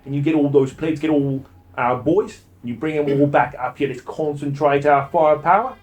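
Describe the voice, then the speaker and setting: A man's voice: a little high, moderate pace, faint music behind, close to an everyday voice. A man voicing a brash male survivor-camp leader who barks orders and swears. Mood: commanding. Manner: loud, commanding, swearing.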